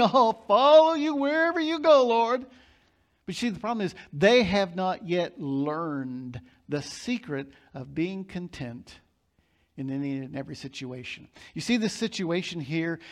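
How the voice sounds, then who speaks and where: A male pastor preaches a sermon in an emphatic, storytelling style, his voice pitched high for a man. He brings key lines up to loud peaks, retells scenes vividly and hammers his points home.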